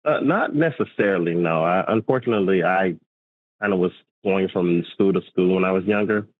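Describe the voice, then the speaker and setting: A man calling in to a talk show, speaking in a hesitant, measured way. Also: low-pitched, dry recording. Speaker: caller. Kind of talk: casual discussion on a call. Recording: tinny phone line.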